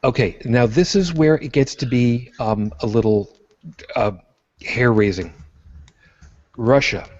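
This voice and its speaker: A man's voice: mid-range voice, measured pace, long pauses, darkish tone, dull audio. A man co-hosting a podcast in casual chat, self-deprecating and apologetic. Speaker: podcast co-host.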